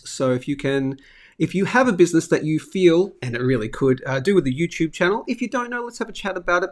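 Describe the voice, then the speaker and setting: A middle-aged man with an Australian accent, hosting a live finance show in a chatty, upbeat way and reading viewer comments aloud. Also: on the high side. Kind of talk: casual live-stream chat.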